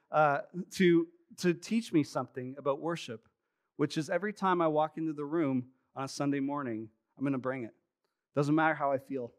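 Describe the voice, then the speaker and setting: A man in his thirties preaching a sermon to his congregation, telling stories in a chatty way with self-deprecating humor. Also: on the high side. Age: 30s. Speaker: pastor. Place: church sanctuary, live service.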